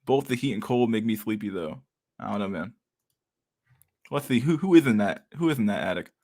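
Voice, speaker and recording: A man's voice, on the low side and somewhat dark in tone, moves a little fast with lively intonation. He's a livestream host shooting the breeze with viewers, rambling and profane, often laughing in mock outrage.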